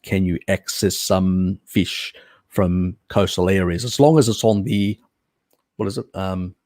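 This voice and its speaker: A man's voice: sits low, fairly even intonation, unhurried, darkish tone, dry recording, studio quality. A man hosting a live stream, answering viewer questions in a blunt, rambling way with many fillers and restarts. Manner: blunt, casual, swears. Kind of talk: unscripted live Q&A.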